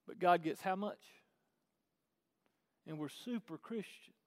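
Male preacher, high tenor, folksy and emphatic, hall reverb. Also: a little slow. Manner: conversational preaching, swelling to emphatic shouts. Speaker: pastor. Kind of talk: sermon. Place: large church hall.

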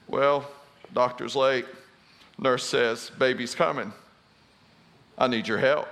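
A man's voice: medium pitch, steady tone, slow pace, creaky, a bit bright, slight background noise. A middle-aged man preaching a sermon, telling funny self-deprecating stories before turning to scripture. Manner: storytelling, self-deprecating humor. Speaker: pastor.

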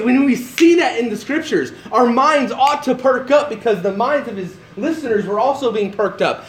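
Male pastor, high-pitched, casual preaching style with quick restarts; faint noise in a church. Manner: conversational preaching with restarts and lively acted quotes. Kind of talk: sermon.

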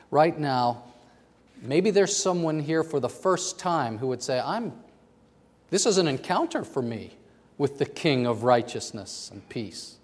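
A man preaching a sermon in a church, moving between loud, fervent passages and hushed near-whispers. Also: mid-range voice. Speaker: pastor. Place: church sanctuary. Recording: long hall reverb.

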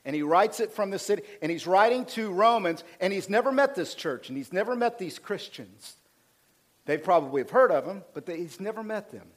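A male pastor preaching a sermon, swinging from loud emphatic passages to quiet asides, fired up. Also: lively intonation, brisk. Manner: preaching with rising intensity, dropping low for asides.

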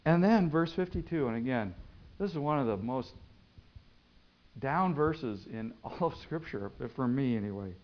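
A man's voice: mid-range voice, lively intonation, unhurried, dull audio. Man preaching with dramatic swings. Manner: dramatic, swings between loud and hushed. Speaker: pastor. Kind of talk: sermon.

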